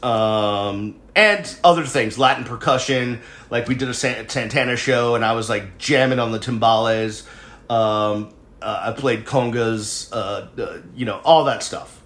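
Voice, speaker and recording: A man's voice: mid-range voice, measured pace, a bit bright, reverberant. A man in his forties from New England, hosting his show and telling a long personal story in a digressive, conversational way with self-deprecating asides. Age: 40s. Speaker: show host. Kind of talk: casual storytelling monologue.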